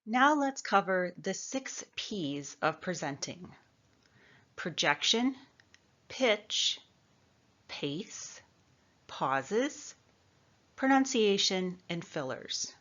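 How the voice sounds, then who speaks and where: A woman from the American Midwest giving an instructional talk on presentation skills, with a clear, measured coaching delivery. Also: medium pitch, sing-song, fairly bright tone, muffled recording.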